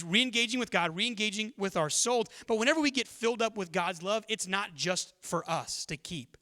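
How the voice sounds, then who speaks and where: A pastor from Texas preaching a sermon in a conversational, energetic storytelling manner. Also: male voice, high-pitched. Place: church.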